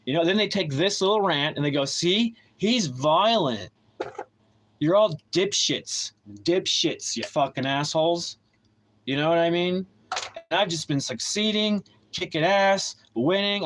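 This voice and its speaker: A man with a somewhat higher voice rants on his livestream, heated and bitter. He swears constantly and circles back over his points with stumbles and restarts. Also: poor audio. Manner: heated, profane, rambling with many restarts; bitter and aggrieved. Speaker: livestream host. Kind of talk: ranting livestream monologue.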